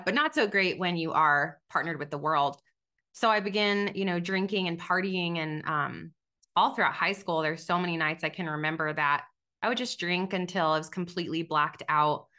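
A woman's voice: fairly low pitch, fairly quick, sharp tone. A woman in her thirties telling her own story as a podcast guest, candid and conversational, with many fillers and restarts. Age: 30s. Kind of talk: personal testimony.

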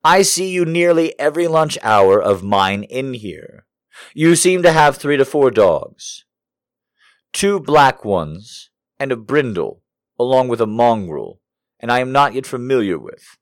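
A man as comedic host, rambling in a deadpan, self-mocking way and reading letters aloud. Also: mid-range voice, a little slow, no echo, clean studio sound.

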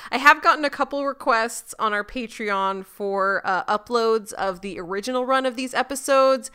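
A woman co-hosting a podcast, chatting casually and sincerely with her co-host and reading out listener shout-outs. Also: fairly high pitch, moderate pace, clean tone. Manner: warm, sincere, a little emotional.

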